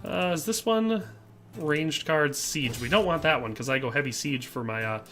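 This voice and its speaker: A chatty middle-aged man with a Midwestern American accent commentates a live game stream, his voice sitting a touch high and sounding bright and forward. He reads viewer messages aloud between plays, filling gaps with easy fillers, while faint game music runs underneath. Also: expressive, normal speed. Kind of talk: casual live gameplay commentary.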